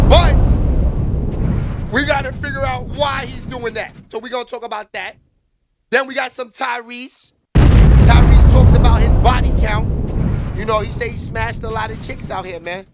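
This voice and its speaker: With loud music playing underneath and heavy background noise, a New York man hosts a casual livestream, rambling in a loose, slang-heavy style. His voice is very high-pitched.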